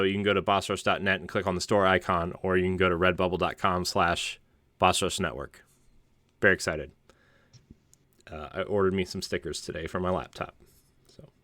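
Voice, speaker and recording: A man's voice: sits low, fairly bright tone, dry recording, clean studio sound. A man hosting a gaming podcast, rambling and self-deprecating with frequent laughs, tired from lack of sleep. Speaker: podcast host. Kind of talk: casual podcast chat and show plugs.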